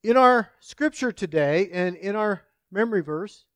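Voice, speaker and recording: A man's voice: high-pitched, lively intonation, unhurried, a bit bright, no room sound. A male pastor preaching a sermon, praying and telling a folksy story in an earnest manner.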